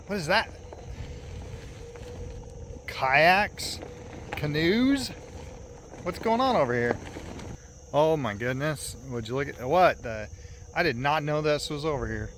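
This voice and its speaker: Rambling man vlogging outdoors. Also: mid-range voice. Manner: rambling, easygoing, full of fillers and chuckles. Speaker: RV travel vlogger. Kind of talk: casual vlog narration. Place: outdoors at a campground, riding along a trail. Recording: noisy outdoor recording. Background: outdoor ambience and noise.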